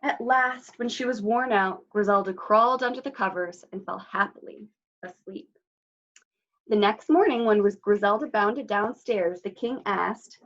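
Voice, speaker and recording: Woman reading aloud to kids, expressive story time, middle pitch, slightly dull audio. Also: measured pace. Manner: expressive read-aloud with asides to children. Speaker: librarian storyteller.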